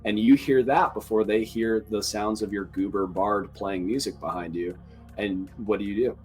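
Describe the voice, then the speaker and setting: Low-voiced guy dm'ing a tabletop game, jokey and laid back, faint music behind. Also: moderate pace. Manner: joking, relaxed narration. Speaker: dungeon master.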